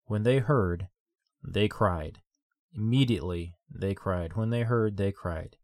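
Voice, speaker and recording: A man's voice: fairly low pitch, slow pace, darkish tone, no echo, clean studio sound. A man preaching a sermon in a repetitive, rhythmic cadence, asking listeners direct questions.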